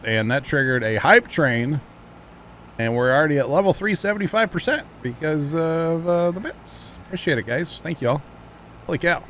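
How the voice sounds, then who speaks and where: Chatty male streamer with quick exclamations. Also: fairly high pitch, a bit bright, a little hiss or hum. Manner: chatty, thanks viewers, quick exclamations and laughs. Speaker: livestreamer. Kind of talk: casual gaming livestream chat.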